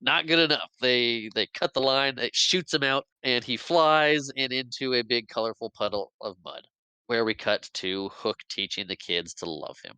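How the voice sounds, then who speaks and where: A man's voice: medium pitch, normal speed, pushed and bright, smooth, no echo, poor audio. A man hosting a podcast, casually recapping a movie scene by scene and acting out the characters' lines with laughs. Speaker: podcast host.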